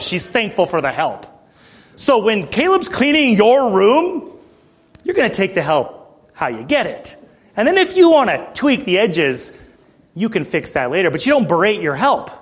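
With a high voice and a breathy edge, this man in his thirties preaches a sermon. He talks straight to his congregation, recounting a story with animated, fired-up energy.

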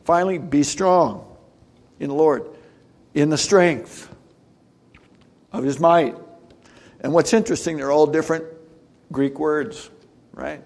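A middle-aged man preaching in a loose, conversational way, tossing rhetorical questions at his listeners. His voice sits a little high and carries a gravelly edge. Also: darkish tone. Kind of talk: sermon.

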